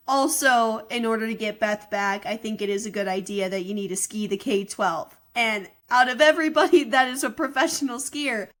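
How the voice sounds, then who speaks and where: Animated woman podcaster with a higher voice. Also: brisk, few pauses. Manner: animated storyteller, acts out quoted dialogue. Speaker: podcast co-host. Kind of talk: casual movie recap chat.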